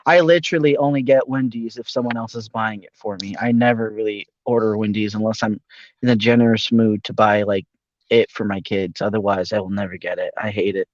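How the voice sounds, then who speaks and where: A man's voice: fairly low pitch, steady tone, a little fast, dry recording. A man in casual voice chat, blunt and opinionated, talking crudely. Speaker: voice chat participant. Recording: dull lo-fi voice chat mic.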